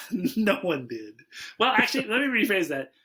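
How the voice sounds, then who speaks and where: A man's voice: high-pitched, measured pace. A man hosting a casual movie podcast, telling stories and acting out quotes in exaggerated voices. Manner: animated storyteller, acts out quotes in exaggerated voices. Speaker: podcast host.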